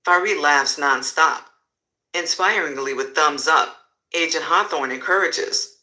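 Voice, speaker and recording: A man narrates a crime tale live with vivid, descriptive flair. His voice is slightly high and very bright, almost piercing. He paints each scene in full detail. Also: measured pace, low-quality recording. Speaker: storyteller.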